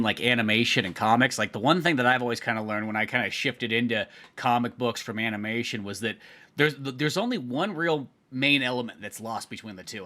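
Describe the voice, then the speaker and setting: Fast, bright-voiced male podcast host. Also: mid-range voice. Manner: quick, musing, heavy use of "like" and "kinda". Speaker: podcast host and comic artist. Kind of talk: casual podcast chat.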